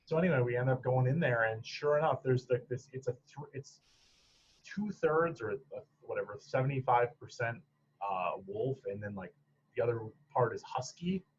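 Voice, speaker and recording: A husky, medium-pitched man speaks at a moderate pace, recorded with the highs cut off. He's from Michigan's Upper Peninsula and is a podcast guest chatting casually about his clinical training, rambling, restarting a lot, and laughing along the way.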